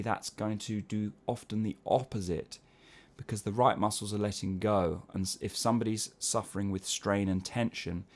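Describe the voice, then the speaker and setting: A man teaching singing, explaining vocal technique patiently and breaking into short sung syllable exercises. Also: lowish voice. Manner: explains patiently, often checks in with "yeah?". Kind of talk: spoken vocal lesson with sung demonstrations.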